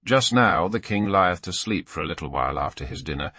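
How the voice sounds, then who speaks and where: A stately older earl who speaks in slow, formal, old-fashioned phrases, as a man narrating puts him on. His voice sits low with a bright edge, recorded close and dry. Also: expressive, slightly rough, no room sound, full character voice. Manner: measured, formal archaic speech. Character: stately older male earl, kindly lord.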